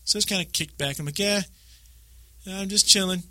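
Man, casual podcast chat, rambling animated storyteller, bright voice, dry close sound. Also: high voice, brisk, no echo. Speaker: podcast co-host. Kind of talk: casual chat about a video game.

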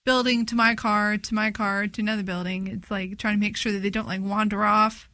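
A woman's voice: mid-range voice, little pitch movement, fairly quick, pushed and bright, no echo. A woman co-hosting a podcast in casual chat, chatty and teasing. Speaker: podcast co-host.

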